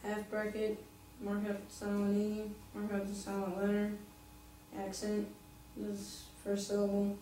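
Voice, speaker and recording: Flat-voiced woman reciting in an echoey room. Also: mid-range voice, unhurried. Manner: flat, methodical reciting of steps. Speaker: student. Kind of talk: reading aloud while coding words. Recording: very echoey, distant, faint noise.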